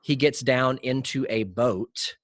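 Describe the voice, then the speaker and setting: A man's voice: medium pitch, takes it slowly, no echo, studio quality. A young adult man hosting a podcast, earnestly retelling movie scenes in a casual conversational way. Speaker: podcast host.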